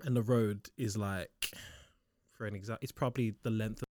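A man's voice: lowish voice, normal speed, slight background noise. A man, arguing animatedly and laughing in a casual podcast chat. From Liverpool, England. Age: 20s. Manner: animated, argumentative, laughing, London-style slang. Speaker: podcast co-host.

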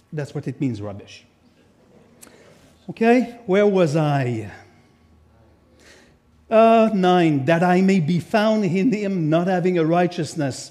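A middle-aged man with a notably high-pitched voice, preaching a sermon to a church congregation as guest speaker. He is animated and playful, reading scripture aloud and stopping to add emphatic asides and jokes. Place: church sanctuary.

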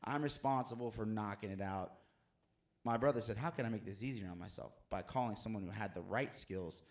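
A man co-hosting a casual church chat, an animated and playful storyteller. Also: on the low side, brisk. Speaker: co-host.

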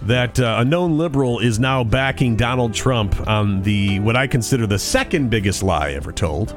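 A man's voice: mid-range voice, expressive, normal speed, soft background music. A man co-hosting a podcast in casual chat, telling stories in a rambling, conversational way with frequent restarts. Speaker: podcast co-host.

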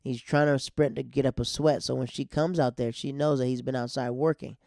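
A man tells a story in a relaxed, animated way, restarting sentences and acting out what people said. His voice is gravelly and dark, and it sounds close and dry with no room echo. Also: medium pitch, brisk. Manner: animated, restarts often, acts out quotes. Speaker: storyteller guest. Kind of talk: casual storytelling.

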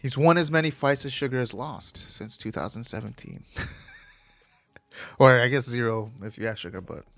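A man's voice: mid-range voice, moderate pace, vocal fry, a bit bright. A man talking casually as a host, rambling and swearing, often stopping to correct himself. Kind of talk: casual chat about fights.

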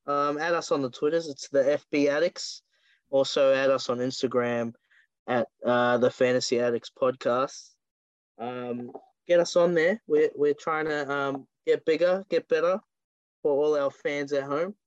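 A man's voice: medium pitch, a little slow, clear, resonant tone, no room sound, muffled recording. A man, co-hosting a podcast in a laid-back, joking way. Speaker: podcast co-host. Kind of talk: casual chat.

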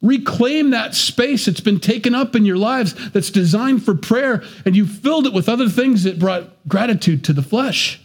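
A pastor with a high, animated voice preaches a sermon to his congregation at normal speed with few pauses. He keeps it conversational, adding joking asides and self-deprecating humor.

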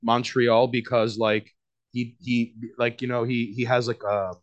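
Picture a man with a New York accent, holding forth as a guest on a casual podcast. His voice sits in an ordinary middle pitch. He rambles through stacks of fillers and false starts, swearing freely as he goes. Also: flat delivery, a little slow, muffled recording. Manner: rambling, many fillers and restarts, frequent swearing.

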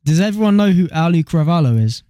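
A young man co-hosting a podcast, telling animated stories and swearing freely in casual chat. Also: a little high, fast. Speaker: podcast co-host.

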